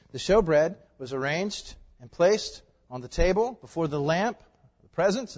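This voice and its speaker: High-voiced preacher in a reverberant hall. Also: male voice. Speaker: pastor. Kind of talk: sermon. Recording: long reverb, dull lo-fi sound.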